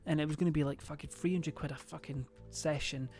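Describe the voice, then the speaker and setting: A young man chats loosely with his stream viewers, rambling, hesitating often, leaning on fillers and swearing freely. He talks fast in a slightly high voice with fairly even intonation, and soft music plays faintly underneath.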